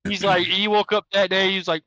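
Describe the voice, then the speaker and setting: A man with a bright, fairly high voice tosses quick, joking remarks into a casual podcast chat. His voice is recorded close and dry, with no room sound. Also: little pitch movement, no room sound. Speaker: podcast co-host.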